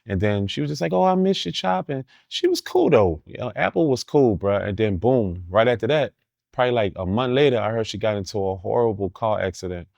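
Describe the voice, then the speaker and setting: A man with a fairly low voice talks in casual, profane street slang as an interview guest. His stories are animated and blunt, with laughs in between. The sound is close and dry. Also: brisk, gravelly, dry recording.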